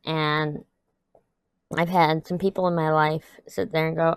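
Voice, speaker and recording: With a flat delivery at normal speed, a young adult woman vlogger vents and rambles candidly to viewers while crafting, with some laughs. Her low voice is clear and resonant, and the audio has no echo.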